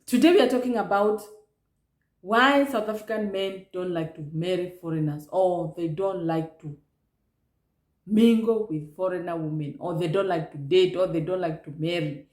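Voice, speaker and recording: A man's voice: high-pitched, moderate pace. Upbeat male vlog host in a roomy space. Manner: upbeat, greets viewers warmly. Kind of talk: casual vlog commentary. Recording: roomy echo.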